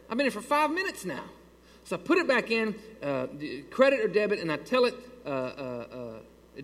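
A man preaching to his church, telling a story in an animated, exasperated way. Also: sits high, quick pace. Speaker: pastor. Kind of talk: sermon with a storytelling aside. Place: church sanctuary. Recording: long hall reverb.

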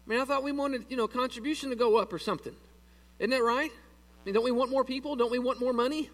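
A man's voice: very high-pitched, fast, fairly bright tone, distant mic. A man preaching a sermon in a church, folksy and joking with his congregation. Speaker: pastor. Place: church sanctuary.

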